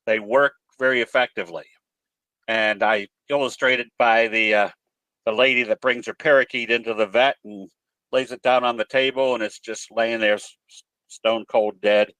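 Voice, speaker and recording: A man's voice: medium pitch, fairly even intonation, normal speed, a bit bright, dry recording. Folksy male trading presenter, dry sound. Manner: folksy, explanatory, tells jokes. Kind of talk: webinar teaching talk. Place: home office.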